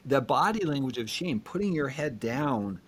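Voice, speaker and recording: A therapist hosts a relationship podcast, explaining ideas and addressing listeners directly. His voice is medium-pitched and animated, at a normal speed.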